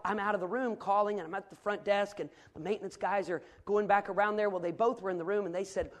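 A middle-aged man preaching a sermon and telling a personal story in an earnest, folksy way, with frequent restarts. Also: high voice.

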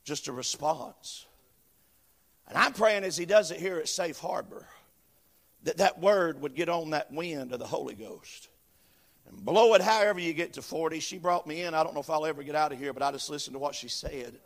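A man preaching a sermon, chanting phrases that start with a gasped "uh" and swell into shouts. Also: a little high, lively intonation, normal speed. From western North Carolina, USA. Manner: rhythmic preaching, each phrase opened with a gasped "uh", building to shouts. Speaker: visiting preacher. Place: church building.

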